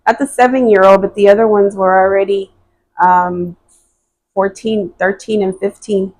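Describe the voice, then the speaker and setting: A woman's voice: mid-range voice, steady tone, normal speed, darkish tone, low-quality recording. A woman telling her personal testimony as a podcast guest, speaking hesitantly and earnestly, with frequent fillers and restarts.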